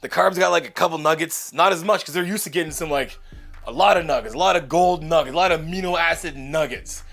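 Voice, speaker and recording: A man's voice: a little high, fast talker, creaky, fairly bright tone. A male fitness coach explaining nutrition in a casual, slangy way, often adding "right?".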